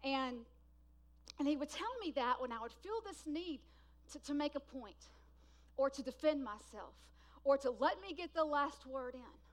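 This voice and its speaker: High-voiced woman preaching a sermon. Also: animated. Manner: swings from loud emphatic bursts to hushed, slow, drawn-out lines.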